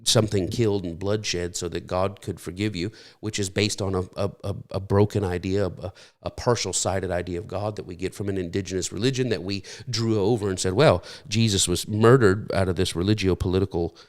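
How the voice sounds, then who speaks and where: A man's voice: deep voice, fairly even intonation, fairly quick, few pauses, darkish tone. A middle-aged man preaching a sermon in a conversational, storytelling way with frequent restarts. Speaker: pastor.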